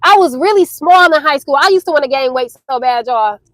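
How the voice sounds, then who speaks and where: Young woman vlogger, bright high voice, close and dry, casual animated storytime delivery. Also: a little fast, dry recording, rough recording. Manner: animated, chatty, addresses viewers as y'all.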